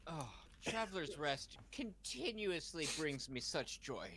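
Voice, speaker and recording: A man hosting a loose, casual chat who rambles through stories, laughing and swearing along the way. His voice is bright and a little high, and his pitch swings widely. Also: sing-song, takes it slowly, few pauses. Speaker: host.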